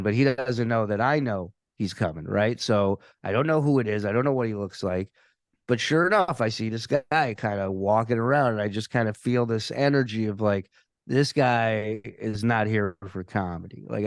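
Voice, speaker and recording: A man telling a story as a podcast guest, animated and profane, often repeating words as he restarts his sentences. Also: mid-range voice, no room sound, studio quality. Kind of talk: casual storytelling.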